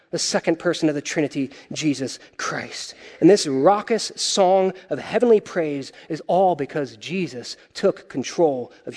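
High-voiced man preaching in a reverberant hall. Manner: animated, playful asides, swings from loud to hushed. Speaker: pastor. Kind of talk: sermon. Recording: long reverb of a large hall.

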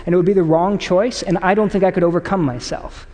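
High-voiced male preacher in a reverberant hall. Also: fast talker. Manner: conversational, animated storytelling with acted quotes. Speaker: pastor. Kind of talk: sermon to a congregation.

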